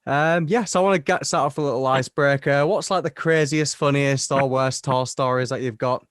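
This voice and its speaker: A man's voice: mid-range voice, steady tone, a little fast, smooth, no echo. Young man, podcast host, laid-back, casual questions, dry close sound. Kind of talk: casual interview.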